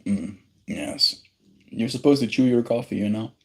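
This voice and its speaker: A young man who livestreams daily chats casually with his audience, reading and answering comments and teasing viewers. His voice is husky and medium-pitched at a moderate pace. He is playful and joking, slipping into silly put-on voices and sometimes dropping to quiet mumbles.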